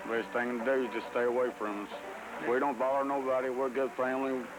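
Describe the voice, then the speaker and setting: A man giving a plain, halting account in a documentary interview outdoors. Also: medium pitch, level tone, music in the background, rough recording.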